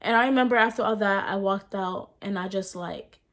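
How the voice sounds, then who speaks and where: A young mother telling her story in a casual personal vlog, speaking with emotion, using many fillers, and talking to viewers as "y'all.". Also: mid-range voice. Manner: fast, filler-heavy speech with rising and falling intensity. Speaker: vlogger and mother.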